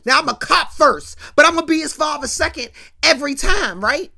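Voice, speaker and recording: A woman acting out a fired-up male police detective who shouts and grills a teenager. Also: a little high, wildly swooping pitch, moderate pace, vocal fry, exaggerated voice. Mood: scornful. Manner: shouting, pressing questions.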